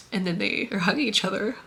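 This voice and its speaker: A woman's voice: medium pitch, creaky, bright, forceful tone, husky. Emotional young woman retelling a story. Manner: emotional, tearful, laughing and sighing while retelling; rambling with many fillers. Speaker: book vlogger. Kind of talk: casual chat retelling a story.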